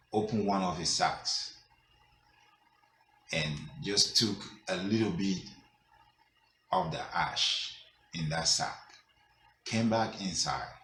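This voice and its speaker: A male storyteller narrates a folk tale in a very low, unhurried voice. He keeps it conversational, with fillers. The room is echoey and faint noise sits behind him. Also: pushed and bright.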